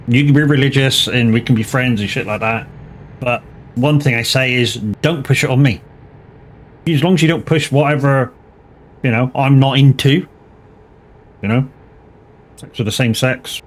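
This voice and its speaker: A man, chatting casually and joking with plenty of swearing as a live streamer. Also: medium pitch. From Plymouth, England. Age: 40s. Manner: joking and profane, laughs often. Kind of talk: casual chat while playing a truck driving game.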